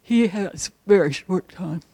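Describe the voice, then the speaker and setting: Slow-speaking panelist, dry close sound. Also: medium pitch, mellow, breathy edge, dry recording.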